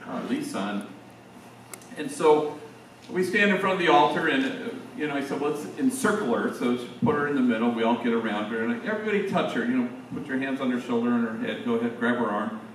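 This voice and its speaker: A man's voice: mid-range voice, lively intonation, quick pace, a little hiss or hum. An older man, a priest, tells stories to a room of teachers in an easy, conversational way. His voice comes from a distance and rings through a very echoey hall. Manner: conversational, anecdotal with slang asides. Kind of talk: storytelling talk to teachers.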